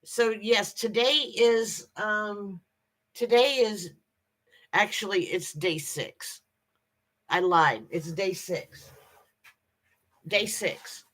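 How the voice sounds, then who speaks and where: A woman hosting a casual livestream, greeting viewers by name and chatting in a halting way with lots of ums and restarts. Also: medium pitch, fairly bright tone. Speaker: livestream host.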